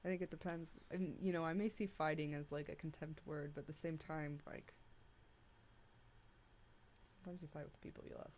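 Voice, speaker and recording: A young woman co-hosting a casual discussion podcast. She talks in a chatty, upbeat way, peppered with "like". Her voice sits a little low for a woman. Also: steady tone, a little fast, long pauses, darkish tone, a little hiss or hum. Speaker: co-host.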